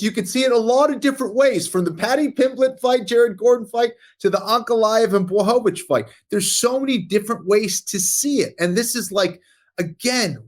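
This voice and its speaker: A man co-hosting a podcast, talking casually and emphatically, repeating points for stress. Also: sits high. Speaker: podcast co-host. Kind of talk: casual chat.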